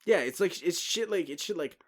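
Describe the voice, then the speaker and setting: A man co-hosting a casual podcast, laid-back, chiming in with quick agreement and swearing casually. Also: high voice, expressive, fairly bright tone. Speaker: podcast co-host.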